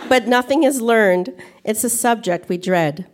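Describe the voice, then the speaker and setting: A woman reading her teenage poem aloud at a live show in a measured recital. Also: a little high, some chatter behind. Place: live show with audience laughter.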